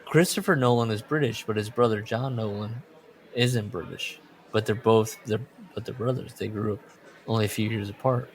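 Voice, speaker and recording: A man's voice: lowish voice, moderate pace. A man with a Midwestern accent hosting a podcast, rambling through questions and often laughing. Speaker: podcast host. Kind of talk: casual chat.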